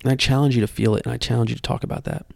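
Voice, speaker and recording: A young man hosting a podcast, telling his personal testimony in an earnest, halting way that often repeats words. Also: medium pitch, steady tone, vocal fry, no echo, studio quality. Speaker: podcast host.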